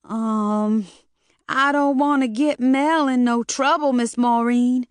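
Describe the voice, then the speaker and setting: Mona, a woman doing a squeaky, scared girl. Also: steady tone, slow pace, no room sound, studio quality. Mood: chatty. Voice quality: squeaky, trembling. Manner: hesitant, slangy, deferential. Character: scared young woman just out of school.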